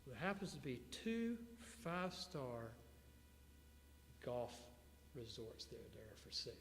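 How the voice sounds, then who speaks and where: A man telling lively anecdotes to a live audience and tossing questions out to the room. His voice sits in the middle range and carries a long hall reverb. A faint hum runs underneath. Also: medium pitch, unhurried. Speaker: interview guest, businessman. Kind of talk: storytelling talk to an audience.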